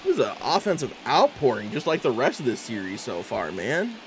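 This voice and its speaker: A man's voice: medium pitch, wildly swooping pitch, a little fast, a little hiss or hum, rough recording. A man hosting a gaming channel, giving exasperated let's-play commentary as he talks to himself about the match.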